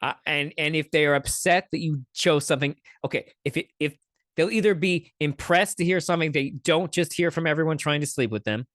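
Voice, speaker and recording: A man's voice: a little high, brisk, fairly bright tone, no echo, clean studio sound. A man hosting a podcast, giving sarcastic, swear-filled commentary on clips he plays. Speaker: podcast host. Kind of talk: casual commentary reacting to clips.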